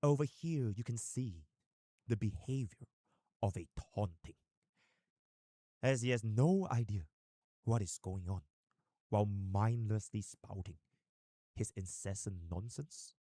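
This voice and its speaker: A man voicing a male nature-documentary narrator in a mock British accent, speaking in a low, slow, solemn way. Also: mellow, no room sound, studio quality.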